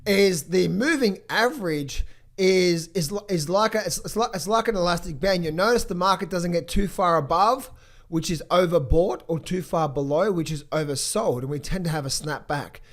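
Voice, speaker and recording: Hoarse, high-voiced man, emphatic and blunt. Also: moderate pace. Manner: emphatic, blunt, swears freely. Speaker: trading coach. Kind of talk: motivational vlog and market commentary.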